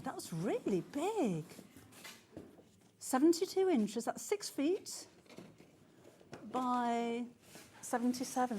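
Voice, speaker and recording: A woman presenting a live TV shopping show, excitable and quick to gasp and exclaim as items sell. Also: a little high, a little hiss or hum. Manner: excitable, gasping and exclaiming over sales. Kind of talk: live TV selling. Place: TV studio.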